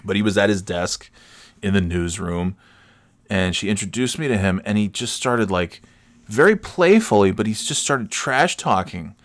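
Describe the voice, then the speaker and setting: A man's voice: lowish voice, expressive, normal speed, a bit bright. A man telling a casual personal story, rambling with many restarts and swearing freely with self-mocking humor.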